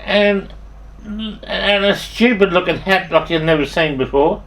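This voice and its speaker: An older man with an Australian accent and a fairly high voice tells rambling stories from his life. He swears freely, restarts his sentences mid-thought and chuckles at his own anecdotes. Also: unhurried, a bit bright. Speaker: storyteller.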